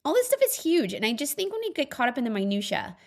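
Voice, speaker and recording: A woman in her thirties talks on her own podcast, chatty and earnest, full of "like" and "you know" and little laughs. Her voice sits a bit high for a woman. She sounds upbeat and reflective, as if thinking aloud to friends. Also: big pitch swings, quick pace. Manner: chatty, upbeat, laughs often, many fillers. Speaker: podcast host. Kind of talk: casual solo monologue.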